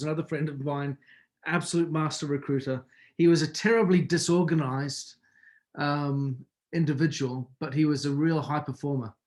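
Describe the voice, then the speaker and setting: A man giving a mentoring talk on a call, telling anecdotes in a conversational way and asking his listeners rhetorical questions. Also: a little high. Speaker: business mentor. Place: video or conference call.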